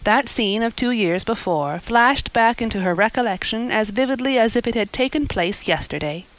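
A woman narrating a classic storybook in a measured, expressive reading. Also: a little high, poor audio. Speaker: audiobook reader. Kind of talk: scripted narration.

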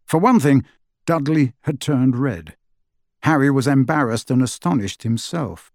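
A man narrating an audiobook in an expressive storytelling manner, close to the mic. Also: mid-range voice, unhurried, no echo. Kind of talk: scripted narration.

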